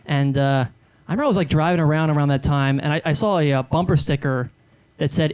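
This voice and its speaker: A man's voice: fairly high pitch, quick pace, darkish tone, clear, resonant tone. Self-deprecating stand-up man in his thirties. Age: 30s. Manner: rambling, self-deprecating storytelling with fillers. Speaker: stand-up comedian. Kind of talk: stand-up comedy. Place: comedy club stage.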